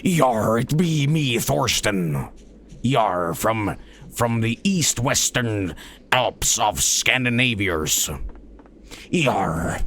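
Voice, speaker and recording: A man putting on a bumbling, boastful Viking man with slow, drawling pirate-style talk. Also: medium pitch, lively intonation, fairly bright tone, slight background noise.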